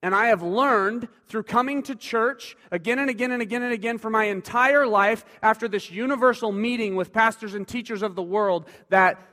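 A male preacher giving a sermon in a conversational way, moving between loud emphasis and quiet asides. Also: high-pitched. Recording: long hall reverb.

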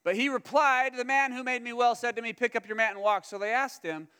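Man, pastor, sermon, animated storytelling, resonant voice, long reverb. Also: extremely high pitch, fairly quick, hardly any pauses, smooth. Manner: animated, humorous storytelling with acted-out quotes.

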